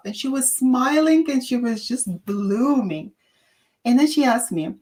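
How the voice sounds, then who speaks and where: A woman from Russia with a Russian accent, chatting as a guest and telling stories in an emphatic, animated way. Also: sits high, measured pace. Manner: animated storyteller, emphatic, with filler restarts. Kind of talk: casual chat.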